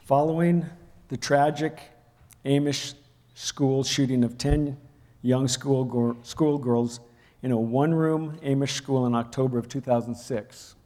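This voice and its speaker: A man preaching a sermon, telling a personal story and acting out the raised voices in it. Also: medium pitch. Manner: storytelling, acts out quoted shouting. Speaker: pastor. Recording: long hall reverb.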